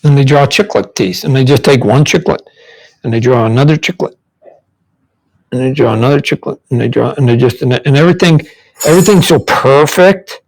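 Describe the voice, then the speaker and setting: A man's voice: mid-range voice, fairly quick, a little mellow, low-quality recording. A man, a comic book artist, giving a casual drawing demonstration while he sketches, rambling and repeating words as he thinks aloud. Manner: demonstrates mouth sounds and faces.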